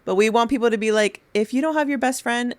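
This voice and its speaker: A woman's voice: a little high, fast, no room sound. A woman co-hosting a podcast in casual chat, talking in a chatty, giggly way with rambling restarts. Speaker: podcast co-host.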